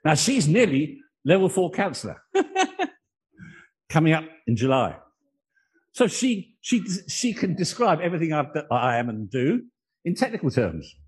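A man's voice: a little high, wildly swooping pitch, measured pace, long pauses, husky, poor audio. A man preaching a sermon, earnest and emotional, telling personal stories.

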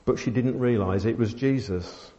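A man preaching a sermon, telling a family story with many pauses and fillers. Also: medium pitch, dark tone. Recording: dull sound in a long-reverb hall.

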